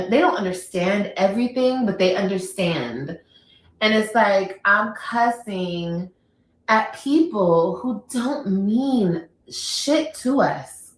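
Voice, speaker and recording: A woman, talking bluntly and emphatically on a casual livestream. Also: mid-range voice. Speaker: livestreamer, mother. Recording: echoey room.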